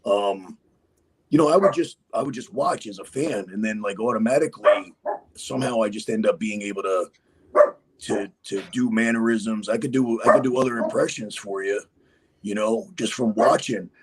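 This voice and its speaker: Husky man rambling in a chat. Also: fairly low pitch, normal speed, rough recording. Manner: rambling, full of fillers. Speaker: guest impersonator. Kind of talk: casual interview chat.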